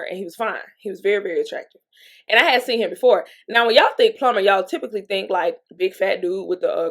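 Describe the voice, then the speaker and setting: A woman vlogger telling a personal story in a candid, chatty way, laughing between lines and sniffling from allergies, with a Southern US accent. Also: mid-range voice. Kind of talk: casual storytelling monologue.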